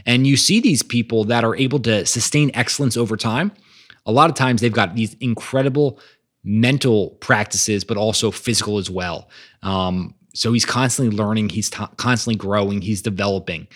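A man hosts a podcast, delivering a motivational monologue on growth mindset with energy and emphasis and reading quotes aloud. His voice is on the low side and a bit bright, at a moderate pace.

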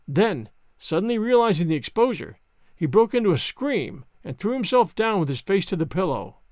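A man narrating a story in an expressive, animated reading style. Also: high-pitched, normal speed, no echo, studio quality. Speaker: audiobook narrator.

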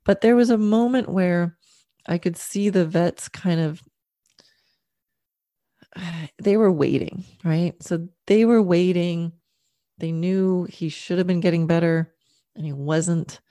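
Earnest woman, low mellow voice. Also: fairly even intonation, takes it slowly, long pauses, dry recording, clean studio sound. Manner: earnest, reflective, says "right?" and "you know" often. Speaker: horse owner sharing a personal story. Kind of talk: casual storytelling monologue.

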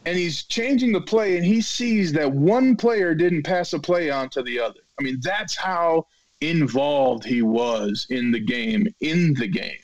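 A man in his thirties, a retired football player, telling stories as a podcast guest and acting out quotes loudly. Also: a little high, a little slow, dull audio. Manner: animated storyteller, acts out quotes loudly. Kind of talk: storytelling in a podcast interview.

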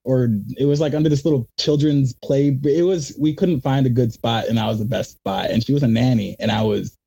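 Young man, husky voice, dark tone, rambling animated storytelling, casual interview guest. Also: medium pitch, brisk. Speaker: magician guest.

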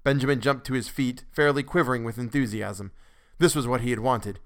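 A man narrating a classic story for a podcast in a measured way, with occasional restarts. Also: medium pitch, steady tone, fairly bright tone.

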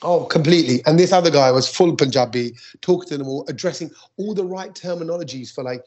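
A man, a stand-up comic co-hosting a podcast, telling an anecdote in a lively, animated way. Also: a little high, fast talker. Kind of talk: casual chat storytelling.

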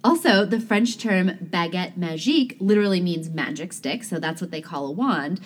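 Lively low-voiced woman co-hosting a podcast. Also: moderate pace. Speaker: podcast co-host. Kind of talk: scripted podcast banter.

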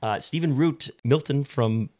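A man's voice: mid-range voice, measured pace, darkish tone. A man co-hosting a casual movie podcast, thinking aloud in long, rambling turns. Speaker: podcast co-host.

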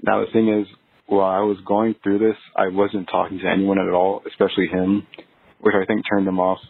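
A caller from Texas leaving an earnest voicemail asking for relationship advice, heard over a phone line. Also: male voice, low-pitched, fairly quick, vocal fry, slightly rough, no echo. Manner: earnest, steady telling of a personal story.

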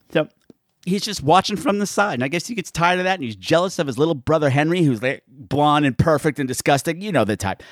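A man's voice: on the high side, fairly bright tone, dry recording, clean studio sound. A man hosting a comedic movie recap, campy and playful, full of innuendo and asides. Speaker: podcast host.

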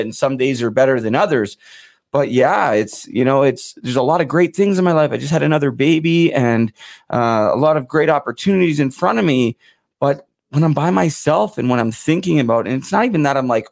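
A man speaks as an interview guest, halting and reflective, often restarting his sentences as he searches for words. His pitch sits in the middle range for a man. The recording is dry and close, with almost no room sound. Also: animated, creaky, dry recording. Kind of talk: candid conversational interview.

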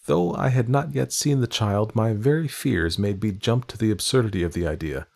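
Low-voiced male audiobook narrator. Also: animated, gravelly, a little mellow. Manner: measured, literary. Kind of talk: scripted narration of a classic novel.

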